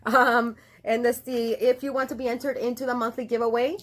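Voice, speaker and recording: A woman's voice: a little high, flat delivery, fairly quick. Chatty woman tarot reader. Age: adult with a daughter. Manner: chatty, affectionate, many fillers and restarts. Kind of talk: casual tarot reading vlog.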